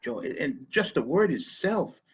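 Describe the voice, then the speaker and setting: A man's voice: high voice, big pitch swings, measured pace, gravelly, breathy edge, muffled recording. A man guest on a podcast talking casually and reflectively, often repeating words as he gathers his thoughts. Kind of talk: casual conversation.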